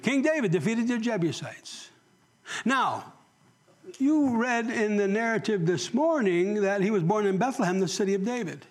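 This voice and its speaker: Male pastor, conversational sermon, high voice, husky tone, quizzes the congregation. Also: lively intonation, moderate pace. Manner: conversational, asks the congregation questions, jokes. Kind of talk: sermon with audience questions. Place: church.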